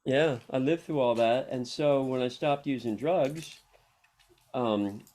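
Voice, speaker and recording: A man's voice: mid-range voice, slow pace, a little mellow. Middle-aged man, interview guest, rambling anecdotal storyteller, laughs often, casual chat. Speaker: interview guest, harm reduction worker.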